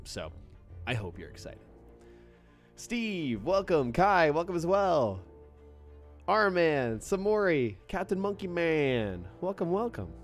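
Excitable male game streamer. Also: medium pitch, takes it slowly, faint music behind. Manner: excitable, playful, greets chat by name, jokey pirate talk. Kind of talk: live gameplay streaming.

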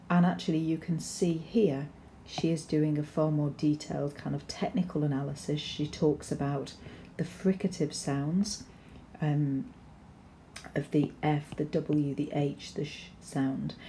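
Woman English teacher, low and mellow, explains patiently with ums, faint background noise. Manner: explanatory, steady, with frequent ums and restarts. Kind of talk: recorded poetry lesson with slides.

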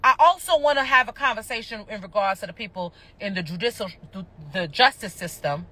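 A woman's voice: mid-range voice, expressive, a little fast, bright, forceful tone. A woman ranting on a livestream, passionate, annoyed and cursing, talking indoors at home into a phone. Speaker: reality TV personality going live. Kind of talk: livestream rant.

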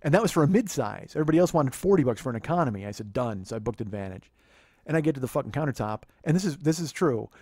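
A man in his fifties telling a funny story in a profane, animated way, laughing as he goes. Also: mid-range voice, husky, no echo, studio quality. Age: 50s. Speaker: podcast host. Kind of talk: comedic storytelling monologue.

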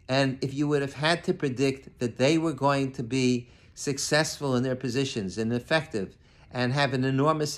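Older rabbi giving an earnest sermon. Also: male voice, mid-range voice, fairly bright tone. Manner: earnest, conversational with many restarts, reads Hebrew verses then translates.

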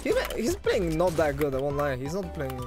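A young man giving excitable live commentary while playing a fighting game, shouting at big plays and groaning at his mistakes. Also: on the high side, brisk. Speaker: gaming streamer. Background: game music.

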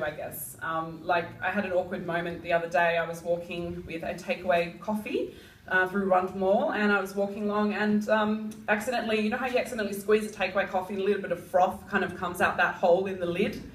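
A woman's voice: medium pitch, steady tone, fast. Rambling Australian woman doing stand-up. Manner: rambling, full of "like" and "um", giggly. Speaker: stand-up comedian. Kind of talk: stand-up comedy set. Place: comedy club. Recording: echoey club mic heard from far off. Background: audience room noise.

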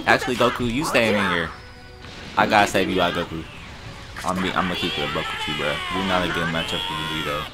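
A man giving casual, frustrated commentary on his gameplay, swearing and jumping into high-pitched yelps when things go wrong. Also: a little fast, long pauses. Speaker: gaming YouTuber. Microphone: desktop USB microphone. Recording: game music behind voice.

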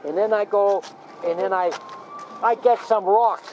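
A woman's voice: medium pitch, unhurried. A woman chatting playfully with a child in simple, broken English. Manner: simple broken English, playful and animated, makes animal sounds. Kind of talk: casual chat. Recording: dull lo-fi with faint traffic.

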